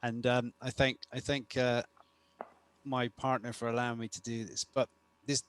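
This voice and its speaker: A man's voice: medium pitch, little pitch movement, moderate pace, smooth. A man co-hosting a casual podcast conversation, telling long stories about clients with many restarts and asides. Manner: rambling storytelling with many restarts. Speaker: podcast co-host and coach.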